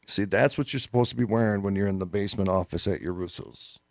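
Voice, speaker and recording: A man's voice: lowish voice, quick pace, creaky, no echo, studio quality. A man co-hosting a live talk show, joking around and telling stories theatrically. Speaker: co-host. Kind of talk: casual live show banter.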